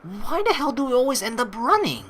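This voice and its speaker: A woman's voice: a little high, sing-song, a little fast, fairly bright tone, a little hiss or hum, poor audio. A woman hosting a let's play, reading a visual novel aloud and breaking off into sarcastic, swearing asides.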